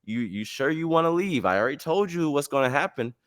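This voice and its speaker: A man's voice: on the high side, expressive, fast talker, fairly bright tone, no echo, studio quality, pitched above the performer's own voice. A man voicing a male cult guru in a retold story, pushing and persuading in an insistent tone.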